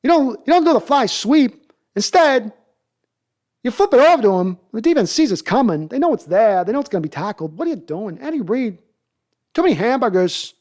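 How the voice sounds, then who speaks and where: A man doing a halting, mocking celebrity impression that scolds a coach in short, clipped bursts. The voice sits well above his own natural pitch and lurches between phrases with odd pauses. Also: sing-song, darkish tone.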